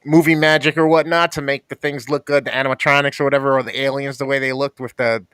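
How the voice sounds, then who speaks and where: A man's voice: mid-range voice, level tone, fast talker, fairly bright tone, clear, resonant tone, dry recording. A man co-hosting a casual movie review chat, laid-back and slangy. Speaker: podcast co-host.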